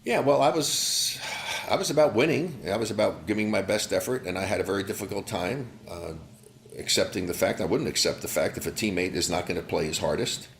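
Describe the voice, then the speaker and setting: A man's voice: fairly low pitch, fairly quick, creaky, a little hiss or hum. An older man, a former basketball player, telling stories in an interview with a blunt, heated manner. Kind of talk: interview storytelling.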